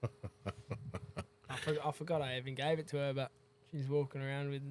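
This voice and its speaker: A man's voice: mid-range voice, fairly quick, slight background noise. A man, chatting casually as a podcast guest and agreeing easily. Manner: relaxed, flat delivery, lots of agreeing. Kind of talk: casual chat.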